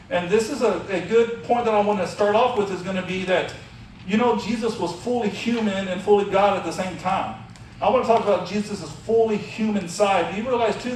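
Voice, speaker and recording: A man's voice: high-pitched, slight background noise. A man giving a casual, conversational sermon as youth pastor. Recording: echoey room from far off.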